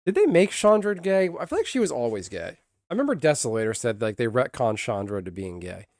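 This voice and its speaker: A man's voice: medium pitch, sing-song, a little fast, a little mellow, no echo, studio quality. A man streaming, ranting casually and bluntly with profanity, restarting his sentences often. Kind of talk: casual livestream rant.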